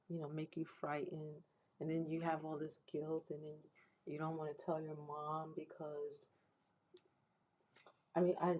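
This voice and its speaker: This woman's deep, warm voice comes through a rough recording as she hosts a faith-based livestream. Earnestly and emotionally, nearly in tears, she makes a preacherly appeal to viewers, repeating herself and restarting often.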